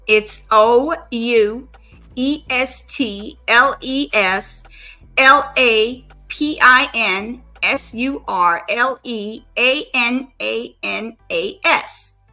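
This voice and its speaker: A woman live streamer chatting casually with an AI assistant, slowly spelling out words letter by letter. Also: on the high side, sharp tone, soft background music.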